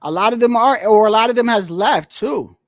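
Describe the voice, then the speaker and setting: A man's voice: high-pitched, fairly quick, dry recording, studio quality. A man talking casually about boxing in a rambling, slangy, profane way. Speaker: boxing commentator. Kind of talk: casual solo boxing talk.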